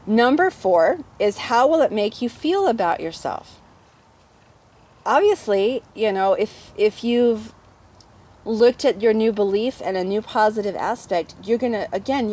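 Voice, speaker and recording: A woman's voice: medium pitch, a little mellow, slight background noise. A woman business coach teaching in a casual, conversational way, often checking in with her viewers. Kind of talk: casual teaching talk to camera.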